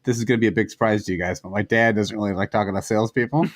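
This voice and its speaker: A man's voice: fairly low pitch, fairly even intonation, rapid-fire. A man in his thirties co-hosting a podcast, telling rambling stories in casual chat and laughing often. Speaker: podcast co-host.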